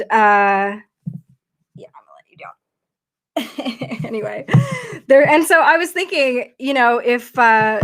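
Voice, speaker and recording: A woman's voice: fairly high pitch, a bit bright. A woman hosting a casual livestream, talking chattily and rambling with lots of fillers into her computer mic. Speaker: livestream host.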